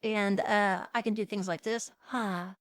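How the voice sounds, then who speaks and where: A young woman hosting a live stream, chatting casually with viewers, giggling often and filling pauses with "um" and "uh.". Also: medium pitch, steady tone, fairly bright tone, no echo, studio quality. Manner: chatty, giggly, lots of fillers. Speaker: VTuber streamer host.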